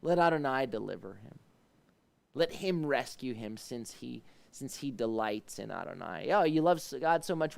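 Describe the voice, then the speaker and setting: Gravelly, smooth-voiced male pastor teaching. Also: expressive, normal speed, darkish tone. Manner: explains Hebrew words, rises in pitch when voicing pleading questions. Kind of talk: devotional Bible teaching. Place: ministry livestream.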